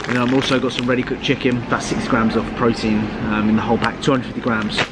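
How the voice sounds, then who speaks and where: A man's voice: medium pitch, little pitch movement, fast talker, heavy background noise. A man talking casually in a vlog, blunt and rambling, swearing freely. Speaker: fitness vlogger and coach.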